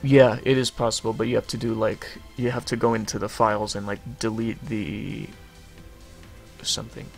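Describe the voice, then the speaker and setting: A man's voice: on the low side, level tone, normal speed, vocal fry. Rambling young man on a game stream. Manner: rambling, full of fillers, swears casually. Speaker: livestream co-host. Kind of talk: casual chat during a game stream. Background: game music.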